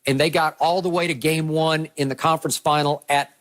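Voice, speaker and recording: Man, sports debate host, fairly high pitch, recapping stats, pointed questions, TV studio. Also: fairly even intonation, fairly quick, fairly bright tone. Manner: lays out stats and history, presses questions.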